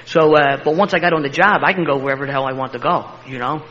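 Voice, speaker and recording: Older Philly man spinning a fast yarn. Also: on the high side. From Philadelphia. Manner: animated, laughing storyteller with a street-tough edge. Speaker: interview guest. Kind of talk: personal storytelling. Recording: slightly muffled recording.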